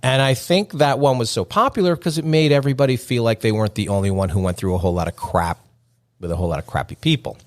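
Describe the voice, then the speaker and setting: A man's voice: mid-range voice, quick pace. A man hosting a podcast, talking alone in a joking, conversational way and chuckling at his own lines. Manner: joking, conversational, self-amused. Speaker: podcast host. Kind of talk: solo podcast monologue.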